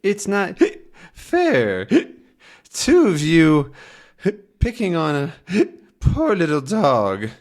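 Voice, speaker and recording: A drunk little comic-book dog, slurring and giggling in a high, pinched voice that seems to come from off to the side, as a man reads him out. He sounds tipsy and sloppy. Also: huge pitch swings, extremely slow, pauses often, heavily acted. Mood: tipsy, silly.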